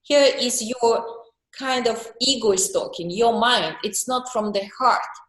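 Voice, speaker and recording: Slow, earnest woman coach in an echoey room. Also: on the high side, a bit bright. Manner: slow, earnest, acts out emotions in little voiced monologues. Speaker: group call coach. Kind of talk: coaching talk on a group call. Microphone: video call.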